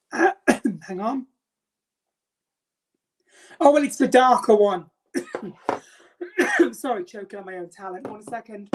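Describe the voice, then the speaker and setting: A woman's voice: fairly high pitch, expressive, takes it slowly, long pauses, breathy edge. A middle-aged woman hosting a makeup live stream, theatrical and self-mocking, greeting viewers by name.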